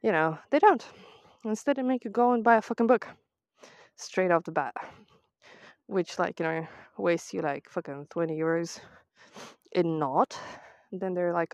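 A woman's voice: on the low side, normal speed, darkish tone, no room sound. Sweary British woman ranting on a walk. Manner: ranting, heavy swearing, sarcastic. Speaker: vlogger. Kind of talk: casual voice-memo chat while walking. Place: outdoors on a walk to the seaside. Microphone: phone voice memo.

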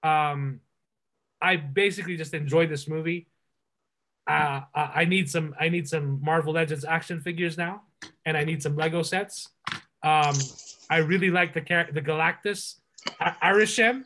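An enthusiastic man hosting a casual podcast. His voice sits high and sounds bright and forward. He rambles through his points with many fillers and restarts. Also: fairly even intonation, moderate pace. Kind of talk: casual movie review chat.

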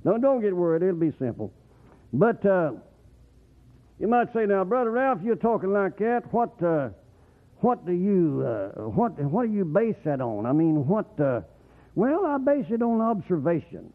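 Male preacher, folksy rambling sermon, lively swooping pitch. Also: unhurried. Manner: animated, rambling, rising to excited whoops. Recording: tinny phone-like radio broadcast.

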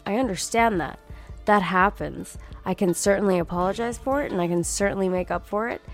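A woman hosting a casual monologue podcast, blunt and profane, venting with sarcasm in a husky morning voice. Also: mid-range voice. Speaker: podcast host.

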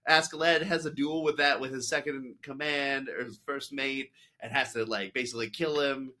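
Casual podcast host, man, bright and talky, meandering recaps. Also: medium pitch, steady tone, normal speed. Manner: rambling, full of "like" and quoted asides. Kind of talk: casual chat.

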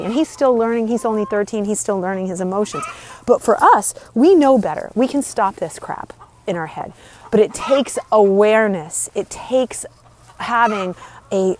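Woman, life coach, earnest and emphatic, average pitch, daily pep talk. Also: darkish tone, a little hiss or hum. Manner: earnest, emphatic, repeats key phrases. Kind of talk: motivational daily talk to camera.

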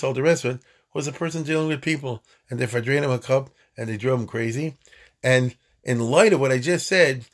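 A man giving an informal, animated Torah talk, acting out voices and laughing at his own jokes. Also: medium pitch. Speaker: rabbi teaching Torah.

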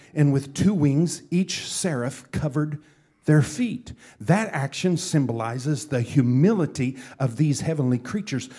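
A man's voice: mid-range voice, slightly rough. A man preaching a sermon, teaching from scripture, repeating phrases for emphasis. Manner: builds from quiet teaching to loud fervent preaching. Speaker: pastor.

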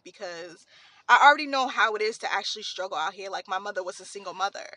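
This young woman talks fast in a mid-range voice that's bright and forceful, with no echo. Hosting her podcast from a car, she rambles through a heartfelt personal story in tears, casual and full of fillers.

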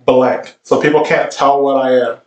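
A man's voice: medium pitch, fairly even intonation, normal speed, recorded from a distance, highs cut off. A man, a chef, telling amused, laid-back anecdotes in casual chat. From Vietnamese heritage. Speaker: chef, podcast guest. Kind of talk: casual storytelling. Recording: roomy, off-mic.

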